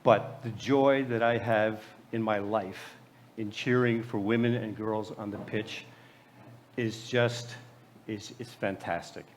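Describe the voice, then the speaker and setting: A man's voice: fairly low pitch, steady tone, slow pace, slight background noise. An American man in his late sixties from New Jersey, telling personal stories in a keynote speech, often stumbling and repeating words. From USA. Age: 60s. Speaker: keynote speaker.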